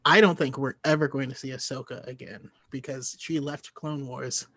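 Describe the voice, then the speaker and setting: A man's voice: mid-range voice, fairly even intonation, normal speed, a bit bright, no room sound. A man hosting a podcast in casual chat, talking with enthusiasm and laughing easily. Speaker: podcast host.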